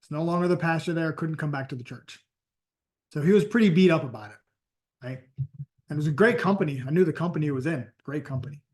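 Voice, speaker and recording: Casting: man, sales coach, emphatic storyteller, voice sitting a bit high. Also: fast talker, a little mellow. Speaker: sales and network marketing coach. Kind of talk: motivational training talk.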